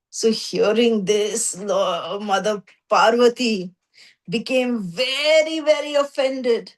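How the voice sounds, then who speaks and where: High-voiced woman, spiritual teacher, animated storyteller with fillers. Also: slow. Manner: frequent 'you know' fillers. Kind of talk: scripture storytelling class.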